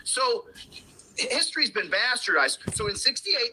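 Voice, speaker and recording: A man's voice: very high-pitched, lively intonation, takes it slowly, pauses often, bright, forceful tone, slight background noise, poor audio. An American man giving an impassioned, lecturing talk on rights, often restarting his sentences. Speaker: commentator on a played clip.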